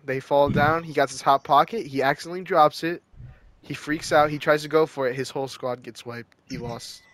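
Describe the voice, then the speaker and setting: A man's voice: a little high, fairly even intonation, brisk, fairly bright tone. A young man co-hosting a podcast in casual banter, rambling through joking made-up scenarios. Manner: rambling, spins joking hypotheticals. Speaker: podcast co-host.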